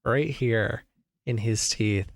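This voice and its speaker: A man running a tabletop game who describes scenes in a relaxed, unhurried way. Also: medium pitch, no echo, clean studio sound. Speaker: game master.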